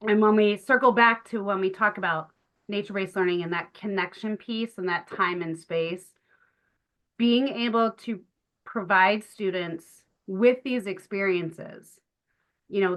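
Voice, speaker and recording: A middle-aged woman, a nature educator, telling stories in an interview in an earnest, animated way with many fillers and restarts. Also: mid-range voice. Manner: animated, acts out the voices of children and teachers. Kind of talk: storytelling in a conversational interview.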